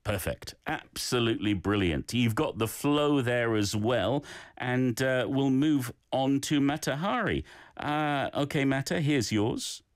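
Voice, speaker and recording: A man's voice: mid-range voice, expressive, measured pace, no echo. A man teaches a short Korean sentence, with lots of rise and fall in his voice. He goes through listeners' clips one by one and praises their flow and pronunciation. The sound is close and dry, with no room around it. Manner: encouraging, gives feedback on learners' recordings. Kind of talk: casual language lesson.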